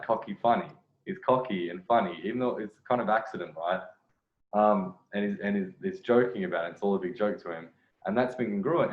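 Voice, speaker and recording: A man giving a dating coach's commentary on a video clip, pausing it to explain and often laughing. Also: fairly low pitch. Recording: roomy, dull sound.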